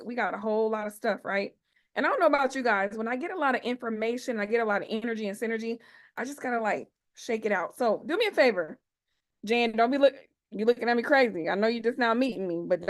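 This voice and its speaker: A woman's voice: on the high side, expressive, fast talker, bright, forceful tone. Playful, chatty woman hosting a video call. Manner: playful, chatty, slangy, hypes up the audience. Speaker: host of an online expo.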